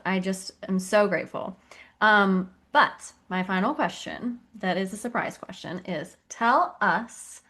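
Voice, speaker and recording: A woman hosting a podcast interview, her voice sitting a little high, gushing with praise and quick to laugh. She talks in an effusive, chatty way. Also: a bit bright. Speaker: podcast host. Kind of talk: casual interview chat.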